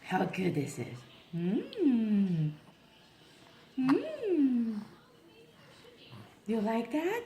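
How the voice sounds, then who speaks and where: A woman feeding her baby at home, cooing softly in baby talk and slipping between English. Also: a little high, huge pitch swings, extremely slow, long pauses, reverberant, a little hiss or hum. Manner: coos and speaks softly in baby talk, mixing English and Spanish. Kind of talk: casual home video, talking to a baby. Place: family home at a table.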